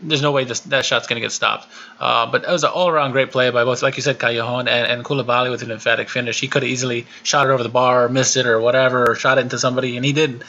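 A man speaks fast about football in an animated podcast chat, with a bright, forceful voice and frequent "uh" restarts. His audio comes through dull and lo-fi, like a remote line. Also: medium pitch. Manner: rapid, animated, lots of "uh" restarts. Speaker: podcast co-host.

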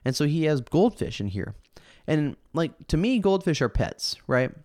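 A man hosting a podcast in a casual chat, rambling and laid-back, full of fillers and restarts, animated when telling stories. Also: fairly high pitch, moderate pace, dry recording, clean studio sound.

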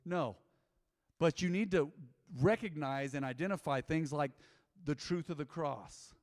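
A middle-aged man preaching a sermon as pastor, lively and humorous, with acted-out quotes. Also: a little high, a little slow. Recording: echoey hall with long reverb.

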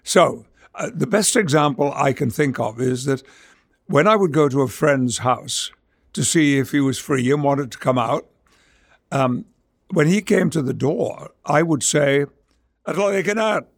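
Gravelly and mid-range, the voice belongs to an older English actor from Yorkshire who uses trained stage speech. Appearing as an interview guest, he talks in a measured, theatrical way and reads dramatic verse.

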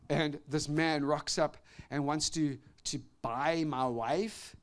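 A man preaching and telling a personal testimony, shifting between loud outbursts and hushed, intimate tones. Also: on the high side, fairly even intonation, slow pace. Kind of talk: sermon testimony.

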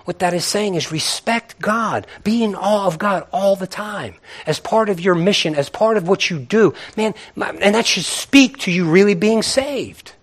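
Middle-aged male pastor, high voice, lively conversational preaching with acted-out asides. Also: moderate pace, hardly any pauses. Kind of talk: sermon.

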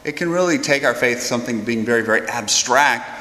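Animated man telling a story in an echoey hall. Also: mid-range voice, fairly quick. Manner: animated storyteller who acts out quoted voices. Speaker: priest. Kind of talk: storytelling homily. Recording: roomy hall echo.

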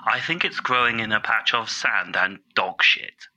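A man's voice: fairly low pitch, normal speed, bright, forceful tone, dull audio. A man playfully narrating a comic search in an improvised game, with mock-grand asides and chuckles at his own jokes. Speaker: comedy podcast player.

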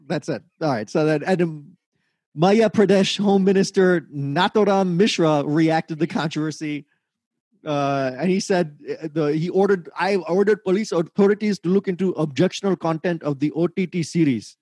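A male podcast co-host who talks haltingly and often restarts. His voice is high and husky. The sound is dry and close. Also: a little mellow, no echo. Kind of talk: casual podcast chat.

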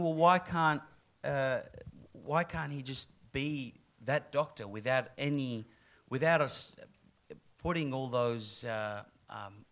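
Animated man telling stories. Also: on the high side. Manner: animated storyteller, acts out quoted lines, laughs often. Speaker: actor. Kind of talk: casual interview chat.

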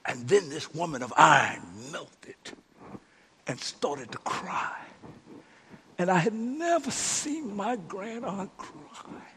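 A male preacher with a very high, piercing voice. His tone is bright and forceful as he moves between shouted declarations and quiet, hushed passages. He calls out to the people in front of him as he preaches. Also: lively intonation, slow pace, slight background noise. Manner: swings from loud shouted preaching to hushed near-whispers; calls out to the congregation. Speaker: pastor. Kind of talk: sermon.

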